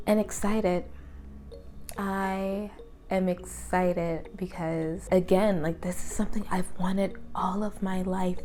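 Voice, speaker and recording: A young woman speaks earnestly into the camera in a personal vlog, her voice carrying a gravelly, fry-laden edge. She is reflective and open, and sometimes sinks to a whisper. Faint music plays behind her. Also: mid-range voice, a little mellow. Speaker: vlogger.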